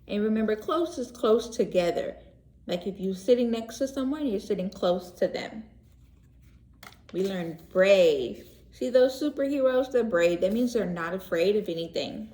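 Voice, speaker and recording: A woman teacher reading a picture book aloud to young children, gentle and expressive, pausing to ask questions and explain words. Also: medium pitch. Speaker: pre-K teacher. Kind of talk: read-aloud story lesson for young children. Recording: echoey room.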